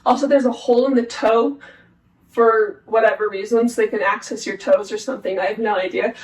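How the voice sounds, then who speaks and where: A woman's voice: fairly high pitch, steady tone, fairly quick, poor audio. A young woman vlogging, telling a personal story in a chatty, candid, self-mocking way with lots of fillers. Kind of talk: casual storytelling.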